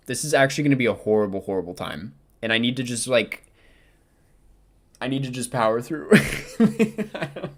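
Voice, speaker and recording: Rambling young man ranking films aloud. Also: medium pitch. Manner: rambling, self-questioning, frequent ums. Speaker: film vlogger ranking movies. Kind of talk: casual chat.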